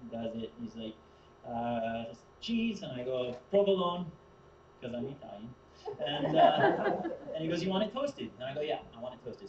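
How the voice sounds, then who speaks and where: Rambling stand-up man in a roomy hall. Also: medium pitch. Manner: rambling, laughs at his own jokes. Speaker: stand-up comedian. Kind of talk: stand-up storytelling. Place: comedy show venue. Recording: echoey, distant, dull lo-fi room recording with noise.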